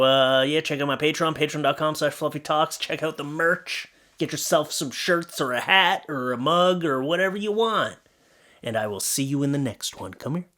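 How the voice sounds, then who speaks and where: A man's voice: a little high, a bit bright. A young adult man hosting a comedy commentary show, reacting to posts in a sarcastic, exasperated way and slipping into mock voices.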